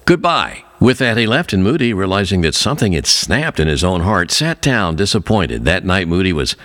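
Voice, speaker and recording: A man preaching a sermon, earnest, telling a story and slowing down on key phrases. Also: very animated, a bit bright. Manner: earnest, swings pitch widely for emphasis.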